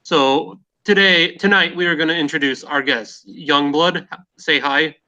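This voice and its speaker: A man's voice: on the high side, measured pace, sharp tone, highs cut off. A man hosting a casual podcast discussion, talking hesitantly with many fillers and restarts. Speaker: podcast host.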